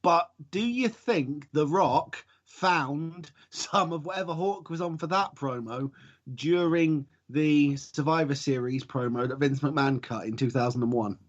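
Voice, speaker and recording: A man's voice: a little high, a little slow. A man co-hosting a casual wrestling podcast chat, wry and jokey, steering the talk onward. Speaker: podcast co-host. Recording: dull lo-fi sound.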